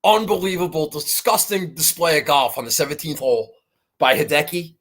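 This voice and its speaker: Podcast host recapping a golf weekend; exasperated, profane, animated, trips over own sentences. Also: mid-range voice, brisk. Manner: exasperated, swearing storyteller; animated, frequent restarts and rising outbursts. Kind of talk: casual golf betting recap.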